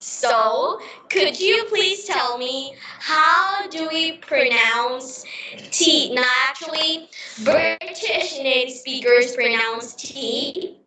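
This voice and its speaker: A woman hosting a casual English practice conversation, slowly drawing out words to model pronunciation. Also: high-pitched, pushed and bright, slight background noise. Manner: slow, drawn-out words when modelling pronunciation. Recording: very echoey room, voice far from the mic.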